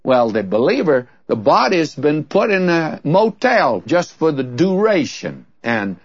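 A man's voice: fairly high pitch, big pitch swings, a little slow, slightly rough, no echo. An older man preaching a sermon in a folksy, emphatic storytelling way. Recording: dull lo-fi sermon recording.

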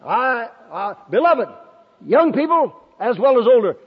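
A man's voice: extremely high pitch, big pitch swings, measured pace, breathy edge. An older man, a Bible school principal, preaching a fervent testimony sermon, calling out hallelujah and amen. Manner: exclamatory, shouts hallelujah and amen, laughs often. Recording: dull old recording in a reverberant hall.

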